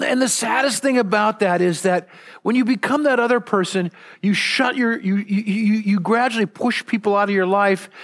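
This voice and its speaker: A pastor from Southern California preaching to his church in a notably high-pitched male voice. He talks earnestly, doubling back and repeating words as he drives a point home. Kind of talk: sermon.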